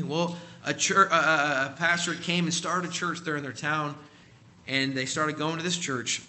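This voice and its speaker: Male preacher, storytelling sermon, very bright and tense voice, slightly high, emphatic delivery. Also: steady tone, normal speed, slight background noise. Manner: emphatic, acts out quoted voices.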